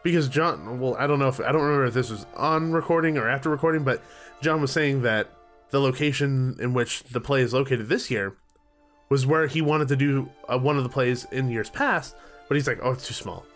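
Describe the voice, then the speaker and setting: A man's voice: mid-range voice, a little fast, a bit bright, soft background music. Chatty male podcast host. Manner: enthusiastic, chatty. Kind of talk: casual podcast interview.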